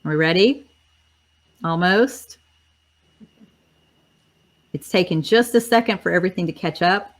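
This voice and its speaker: Woman hosting a livestream, slightly low and chatty, voice starting to crack. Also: a little slow, long pauses. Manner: chatty, upbeat, talks to viewers directly. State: voice cracking and tiring. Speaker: host. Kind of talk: casual livestream chat.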